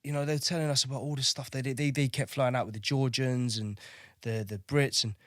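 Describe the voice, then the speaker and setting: A man's voice: medium pitch, steady tone, a little fast, no echo. Chatty, foul-mouthed veteran man, dry sound. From Kosovo. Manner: chatty, swears freely, repeats words while telling stories. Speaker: podcast guest, navy veteran. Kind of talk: casual interview storytelling.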